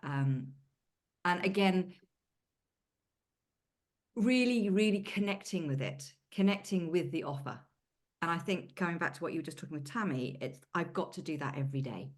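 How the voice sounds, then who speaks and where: Low-voiced British woman, chatty. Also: animated, moderate pace, pauses often. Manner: chatty, swears casually, British idioms. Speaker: coaching client. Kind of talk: casual group coaching call.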